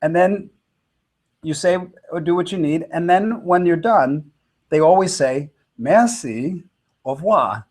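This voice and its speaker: A man's voice: sits high, a little slow, darkish tone. A man in his fifties, a touring musician telling a reflective story with many fillers and restarts. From United States.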